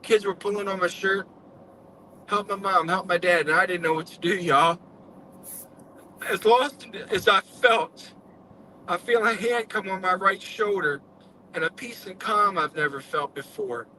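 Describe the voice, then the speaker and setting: High, bright-voiced earnest storytelling man. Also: unhurried, slight background noise, rough recording. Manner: earnest storyteller, folksy speech. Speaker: guest telling his story. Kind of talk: casual live-stream chat.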